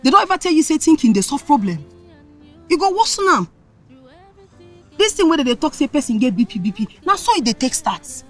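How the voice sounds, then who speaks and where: A woman's voice: high-pitched, big pitch swings, a little fast, long pauses, soft background music. A woman with a Nigerian accent, giving soothing advice in film dialogue. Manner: lecturing, soothing. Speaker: advising friend.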